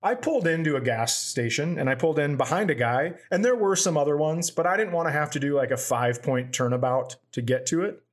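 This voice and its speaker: A man's voice: on the high side, animated, a little fast, hardly any pauses. A man co-hosting a comedy podcast, telling rambling stories in casual chat and acting out the voices of people in them. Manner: rambling storyteller, acts out quotes. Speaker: podcast co-host.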